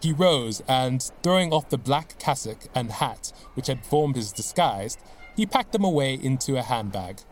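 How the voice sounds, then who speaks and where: A man narrating a classic story as an audiobook, with steady, expressive storytelling. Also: medium pitch, moderate pace.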